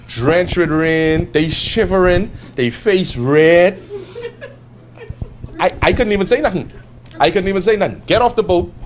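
A Bahamian man, a guest entrepreneur, tells a story to a class with an animated delivery and acts out the quotes in other voices. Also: fairly high pitch, a little hiss or hum. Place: classroom with a live audience.

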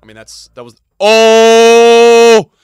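A man's voice: a little high, expressive, moderate pace, bright, forceful tone, no echo, clean studio sound, soft background music. A young man streaming a pack opening, hyped and chatty, talking straight to his chat. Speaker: gaming streamer.

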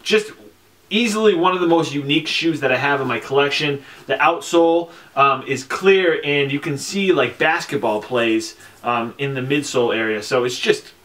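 A young man talking casually on camera about his sneaker collection, chatty and relaxed, with lots of fillers and slang. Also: mid-range voice, normal speed. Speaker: sneaker vlogger. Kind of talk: casual product review.

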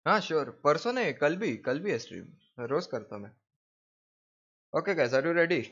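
A man chatting casually on a livestream, talking rapidly and switching between languages mid-sentence. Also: fairly high pitch, lively intonation, a bit bright, breathy edge, dull audio. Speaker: live streamer. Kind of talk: casual livestream chat mixing Hindi and English.

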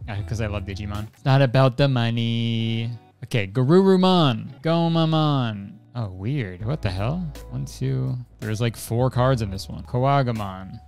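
A young adult man on a live stream, talking fast and loose with constant swearing. His voice sits at an ordinary middle pitch. Soft music plays faintly underneath from his desk setup. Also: vocal fry. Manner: excitable, swearing a lot, swings between hype and frustration. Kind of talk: live-stream card opening.

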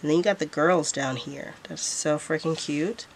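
A woman's voice: sits low, normal speed, slight background noise. A woman vlogger showing off planner stickers in a casual haul, gushing and repeating how cute everything is.

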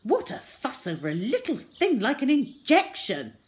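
A woman's voice: high voice, wildly swooping pitch, normal speed, voice pushed up. A woman voicing a wary, impatient female doctor in a children's story, speaking in a clipped manner.

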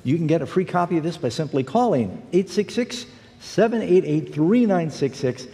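Guy preaching on tv, folksy storyteller, mellow voice, long hall echo. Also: on the high side, expressive, normal speed. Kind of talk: broadcast sermon.

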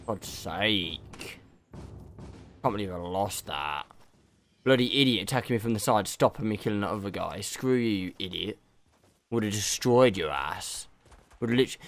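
A man's voice: medium pitch, no echo. A young man streaming a game, ranting and swearing at opponents. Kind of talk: live gameplay commentary.

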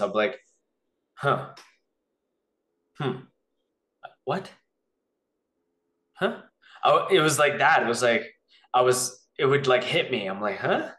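A man telling a personal story as an interview guest, rambling and animated, acting out the voices he quotes. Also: medium pitch, roomy sound.

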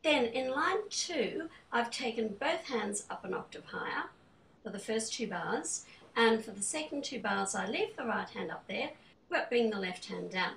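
A woman's voice: a little high, expressive, measured pace, vocal fry, a bit bright, slight background noise. A woman piano examiner giving a webinar, methodically explaining step by step how she arranged a piece. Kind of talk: online teaching webinar. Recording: distant mic with piano in the background.

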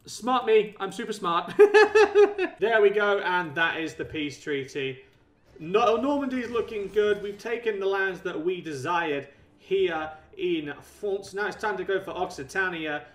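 Excitable young man, high voice. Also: a little slow, far from the mic. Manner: excitable, laughs often, talks to himself. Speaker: gaming channel host. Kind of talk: let's play commentary. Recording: roomy echo, mic set back, faint game music.

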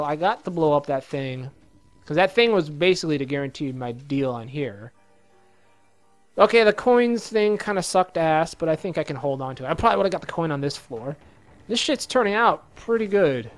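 A man casually commenting on his own gameplay, excitable and swearing a lot, with a slightly hoarse voice. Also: on the high side, normal speed, faint music behind. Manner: excitable, swears a lot, sudden loud outbursts. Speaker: let's play gamer.

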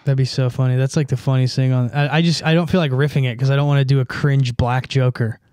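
A man's voice: mid-range voice, steady tone, darkish tone, clear, resonant tone, no echo. Laughing man on a dry podcast mic. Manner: laughs often, quick riffing. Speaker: podcast co-host. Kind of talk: casual comedic banter.

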